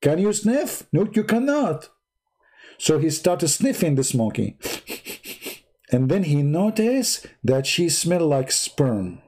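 Man mocking a story in broken English. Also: slow pace. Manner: mocking, animated storytelling with big pitch swings; broken non-native English. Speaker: livestream host. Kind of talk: casual livestream commentary.

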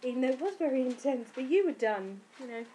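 Woman in her 30s, sleep-deprived new mum, frank giggly vlog chat, highish voice, faint room hum. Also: lively intonation, fast, warm tone. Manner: chatty, frank and giggly, acting out quotes. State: tired from lack of sleep. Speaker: new mother telling her birth story. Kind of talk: casual vlog storytelling.

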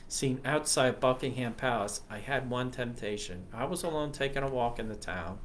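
A man who leads a ministry, giving a personal testimony in a halting, earnest way, often stopping to correct himself. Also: medium pitch, a little hiss or hum. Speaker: ministry leader.

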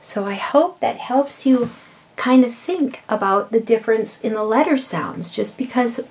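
A woman's voice: fairly high pitch, darkish tone, breathy edge. Patient woman teaching letters to kids. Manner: slow, patient explaining with stretched words. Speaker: children's educational video host. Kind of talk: teaching young children.

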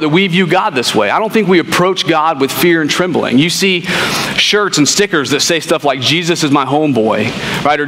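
A man's voice: fairly high pitch, bright, forceful tone. Man preaching in a reverberant church. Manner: conversational storytelling with frequent "right?". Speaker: pastor. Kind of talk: sermon. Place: church sanctuary. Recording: long reverb in a church hall, faint hum.

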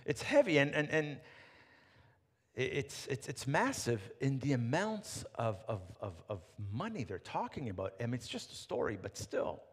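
A male pastor preaching a sermon, telling a story with animated retelling and frequent restarts. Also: mid-range voice, normal speed, husky. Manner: animated storytelling, rephrasing as he goes. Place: church sanctuary. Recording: reverberant church hall.

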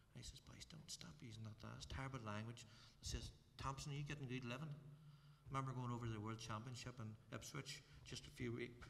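A middle-aged Northern Irish man with a gravelly, creaky edge tells his own story to a church gathering, plain-spoken and halting at times. His voice carries a long hall reverb with a faint hum of room noise behind it. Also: medium pitch, a bit bright. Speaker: church testimony speaker. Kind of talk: personal testimony to a congregation.

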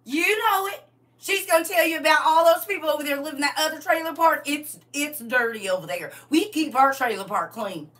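A woman voicing a proud, gossipy country woman from a trailer park, talking fast and chatty. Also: high-pitched, lively intonation, fairly bright tone.

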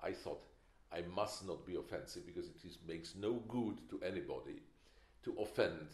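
An older man with a low-sitting, animated voice and a darkish tone speaks at a moderate pace during a film masterclass lecture. He is emphatic and opinionated, with wry anecdotes. Echo from the lecture hall is audible in the recording.

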